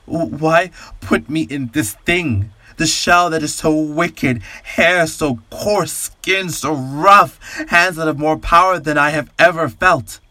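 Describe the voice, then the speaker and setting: A man voicing a terrified, pleading man who stammers in a high, trembling voice. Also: slow, hardly any pauses, bright, forceful tone, no room sound. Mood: anguished.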